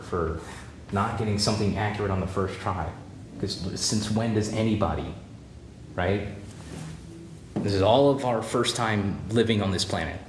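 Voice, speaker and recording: A man teaching a drawing demonstration, relaxed and encouraging, thinking aloud as he draws and repeating key points. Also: fairly low pitch. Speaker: art teacher. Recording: roomy with faint background noise.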